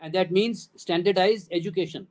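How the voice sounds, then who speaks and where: A man's voice: high voice, moderate pace, a little mellow. An older man with an Indian English accent giving a town hall address to parents as a school trust's chief, emphatic, building points through repeated phrases and rhetorical questions.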